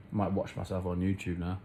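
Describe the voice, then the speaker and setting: A man's voice: low voice, dark tone, slight background noise. A man rambling on in a casual, self-mocking monologue to camera, swearing freely. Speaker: vlogger.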